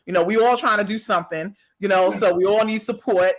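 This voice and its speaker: A woman from New York with a New York accent, a podcast co-host talking in a casual interview, direct and blunt and quick to laugh. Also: mid-range voice.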